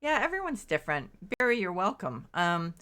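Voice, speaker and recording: A woman's voice: lowish voice, sing-song, fairly quick, a bit bright. A middle-aged woman streamer chatting casually while playing, rambling and restarting her sentences, acting out her own disbelief. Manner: rambling, self-interrupting, quotes herself in exaggerated disbelief. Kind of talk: casual chat while gaming.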